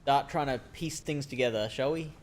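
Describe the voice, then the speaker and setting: A man's voice: mid-range voice, moderate pace. A man streaming a game live, chatting and thinking aloud with frequent restarts. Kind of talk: live gameplay commentary.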